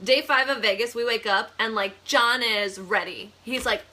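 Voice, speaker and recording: A young woman from the Buffalo area tells a personal story in a casual vlog. Her voice sits a little high and sounds bright. She is chatty and animated and breaks into laughter often. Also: normal speed. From Buffalo, New York area. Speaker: vlogger, real estate agent.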